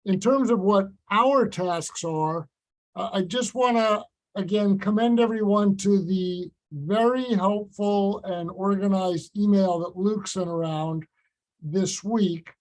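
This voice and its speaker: High-voiced man chairing a video call. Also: takes it slowly, darkish tone, rough recording. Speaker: meeting chair. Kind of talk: virtual meeting remarks.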